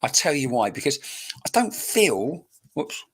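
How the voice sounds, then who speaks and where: A man's voice: mid-range voice, big pitch swings, measured pace, fairly bright tone, husky. A man working as a psychic medium, giving a live-streamed reading in a searching, chatty way and speaking straight to viewers by name, into a computer microphone.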